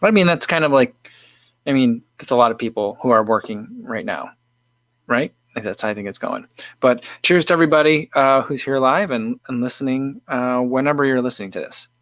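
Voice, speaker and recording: A man's voice: medium pitch, a little fast, fairly bright tone, no echo. Easygoing man hosting a casual livestream. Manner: easygoing, rambling with many fillers and restarts. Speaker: livestream host. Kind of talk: casual livestream chat, tasting beer and reading comments.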